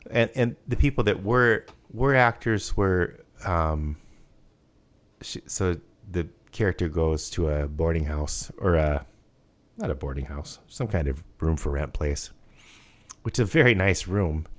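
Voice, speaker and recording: A man's voice: low voice, measured pace. A man co-hosting a podcast, chatting casually and rambling with many restarts and fillers. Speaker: podcast co-host. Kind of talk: casual chat.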